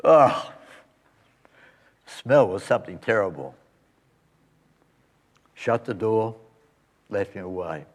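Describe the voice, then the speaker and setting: Slow-speaking male preacher. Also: fairly low pitch, animated. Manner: storytelling, then soft reverent prayer. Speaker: pastor. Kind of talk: sermon and closing prayer.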